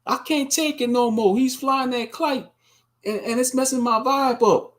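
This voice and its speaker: A man's voice: very high-pitched, unhurried, a bit bright, pitched above the performer's own voice. A man doing a whiny, fussy woman caller. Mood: whiny complaining. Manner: whiny, complaining. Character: petty, fussy woman calling the police.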